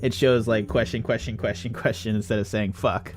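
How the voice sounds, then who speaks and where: A man's voice: lowish voice, steady tone, brisk. A man from the US South running a tabletop game as game master, joking and teasing the players. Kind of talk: casual tabletop game chat.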